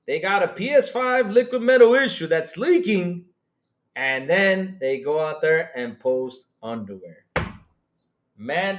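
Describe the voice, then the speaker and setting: Excitable high-voiced man hosting a stream. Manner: loud, excitable, swears and laughs often. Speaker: podcast host. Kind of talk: live-stream gaming chat. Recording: roomy echo.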